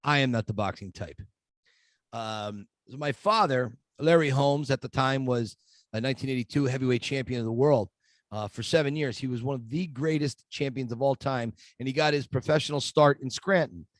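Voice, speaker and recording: A middle-aged man, guesting on a podcast interview, tells lively stories and does the voices of the people he quotes. He speaks in a mid-range voice at normal speed, and the recording is dry.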